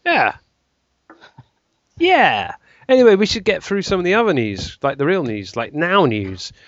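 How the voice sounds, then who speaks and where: A man's voice: high-pitched, wildly swooping pitch, unhurried, no echo, highs cut off. A young British man co-hosting a casual tech podcast, joking and laughing as he runs through news items. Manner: jokey, laughing often, reading news items. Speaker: podcast co-host. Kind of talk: casual chat.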